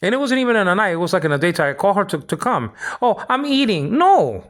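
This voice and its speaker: A man's voice: sits high, animated, rapid-fire, a bit bright. An older man from the Philippines in a rambling personal monologue, heated and repetitive, often stammering and restarting his words. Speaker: vlog host.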